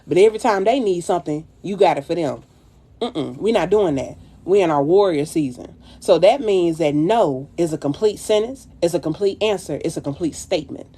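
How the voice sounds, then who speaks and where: A woman's voice: low-pitched, a little fast, dark tone, breathy edge. A woman streaming live and giving her followers a blunt, profane, preachy pep talk. She calls her listeners baby and child. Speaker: makeup artist livestreaming.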